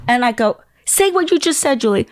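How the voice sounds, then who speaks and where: A woman in her sixties, a podcast guest telling a long story in an animated way, acting out the voices of the people in it. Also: a little high, fairly quick, no echo, studio quality. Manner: animated, acts out quoted voices.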